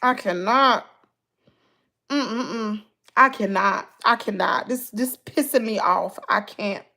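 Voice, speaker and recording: A woman's voice: medium pitch, slow, vocal fry, pushed and bright. A woman vlogger with a Southern US accent, chatting casually to her viewers with lots of exclamations and asides.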